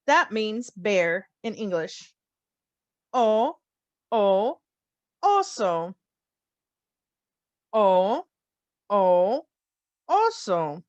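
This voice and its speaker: A woman teaching a phonics lesson, slowly sounding out letters and repeating each word with care. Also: mid-range voice, very animated, a little mellow, no echo, highs cut off. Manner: slow, carefully sounds out letters and words. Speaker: language teacher. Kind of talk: slow children's phonics lesson.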